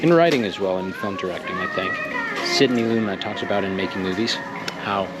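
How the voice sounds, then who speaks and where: A man's voice: fairly low pitch, huge pitch swings, fairly quick, low-quality recording. A man, an actor, vlogging in a casual way, thinking aloud and trailing off between thoughts. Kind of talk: casual vlog self-talk. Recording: loud background music.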